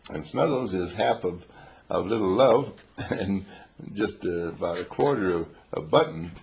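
An older man with a very deep, gravelly voice tells rambling, humorous stories to a small group. He talks playfully, chuckles often and drops old-fashioned exclamations. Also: animated, unhurried, darkish tone.

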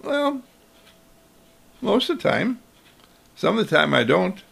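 A man doing an excited little boy. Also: high voice, takes it slowly, vocal fry, husky, voice pushed up, heavily acted. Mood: pleading.

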